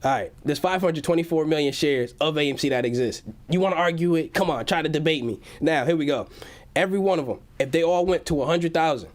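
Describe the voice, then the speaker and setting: A man's voice: on the high side, fast. Hyped young man hosting a livestream. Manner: hyped, slangy, reads chat messages aloud. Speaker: livestream host. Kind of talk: casual livestream chat. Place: at home.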